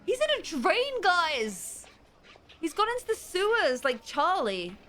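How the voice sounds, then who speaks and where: High-voiced young woman streamer, super animated, pitch all over, faint game music. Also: unhurried. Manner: animated, dramatic, chatty. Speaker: gaming streamer. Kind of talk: live let's play commentary.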